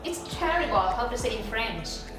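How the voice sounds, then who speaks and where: A woman's voice: fairly high pitch, sing-song, moderate pace. Woman, young, host, casual interview, chatty, laughs a lot, far from mic, echoey. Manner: laughs often, many fillers. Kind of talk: casual interview in Indonesian and English. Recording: echoey room from far off, music behind.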